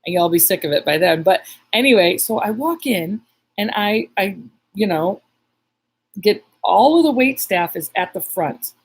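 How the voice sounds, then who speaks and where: A woman's voice: mid-range voice, expressive, moderate pace, husky, rough recording. A woman psychic medium telling a story in a casual live stream, rambling with many restarts and reading viewer comments aloud.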